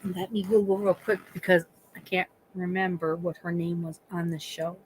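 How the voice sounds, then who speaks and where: A woman's voice: on the low side, steady tone, moderate pace, slight background noise, poor audio. A woman from Pennsylvania hosting a casual live stream, chatting with her viewers in a rambling way, swearing freely and often trailing off mid-thought. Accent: Northeastern Pennsylvania. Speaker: livestream host chatting with viewers.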